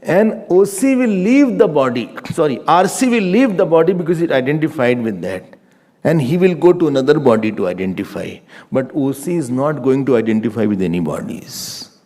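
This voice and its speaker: A man teaching a scripture class, his voice mellow and warm. He talks with a lively, rising-and-falling pitch and patiently repeats key points for emphasis. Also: moderate pace. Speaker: Vedanta teacher.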